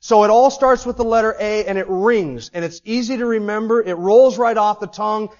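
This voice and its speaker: A man preaching an expository sermon, moving from quiet explanation to loud, repeated declarations. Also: sits high, fairly quick. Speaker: pastor. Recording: dull lo-fi recording.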